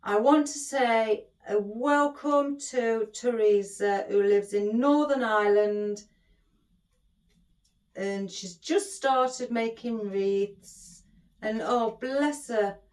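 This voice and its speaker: A woman's voice: on the high side, slow, darkish tone. A middle-aged woman chatting as she hosts a craft tutorial, rambling and affectionate toward her viewers. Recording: echoey room.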